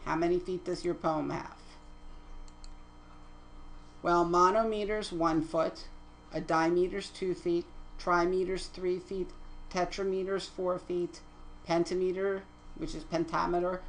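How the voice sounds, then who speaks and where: A woman's voice: fairly low pitch, level tone, a little slow, a little hiss or hum, low-quality recording. A woman teaching poetry terms in a lecture over slides, reading definitions steadily and correcting her own slips. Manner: methodical, reads definitions aloud, self-corrects slips.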